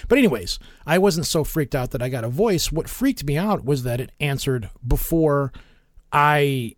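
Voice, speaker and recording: A man hosting a casual interview, telling stories in an animated way and laughing often. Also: a little high, moderate pace, no room sound, studio quality. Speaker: podcast host.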